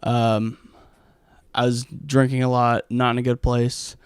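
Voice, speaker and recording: Rambling, profane comic, smooth dry voice. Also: male voice, mid-range voice, flat delivery, a little slow, no echo. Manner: rambling, profane, heavy with fillers. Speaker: stand-up comic. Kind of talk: casual monologue storytelling.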